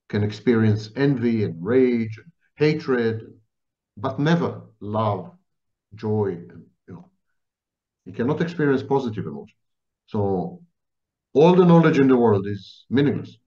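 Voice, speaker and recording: A man lecturing through his answers, his pitch swooping up and down as he repeats key words for emphasis. The recording is muffled and lo-fi, and his voice sits at an ordinary middle pitch. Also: mellow. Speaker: interview guest explaining psychology. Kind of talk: explanatory interview answers. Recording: dull lo-fi sound.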